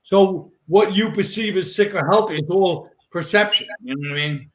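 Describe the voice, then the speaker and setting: Brief: deadpan New man, fairly high voice, casual dark stories. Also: normal speed. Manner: deadpan, dark storytelling with acted quotes. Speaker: comedian guest. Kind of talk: casual storytelling.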